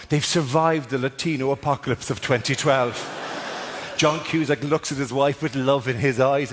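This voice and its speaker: A man with an Irish accent doing a stand-up routine, animated, swinging between loud shouted bits and quieter asides. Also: fairly high pitch, a little hiss or hum. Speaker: stand-up comedian. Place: theatre stage. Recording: live stage recording in a reverberant hall with audience.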